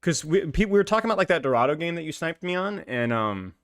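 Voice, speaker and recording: A man's voice: fairly high pitch, sing-song, quick pace, a bit bright. A man streaming, chatting casually with viewers while gaming, laughing often and using lots of filler words. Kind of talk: casual live-stream chat.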